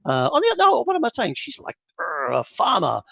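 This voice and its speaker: A man narrating as game master of a tabletop horror game, animated and full of quick asides. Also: high voice, creaky, no echo. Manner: animated, lots of fillers and asides.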